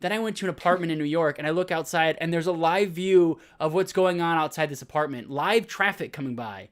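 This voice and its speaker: A man co-hosting a gaming podcast, talking in casual, excited, rambling bursts. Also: fairly high pitch, a little fast. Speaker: podcast co-host. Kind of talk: casual chat.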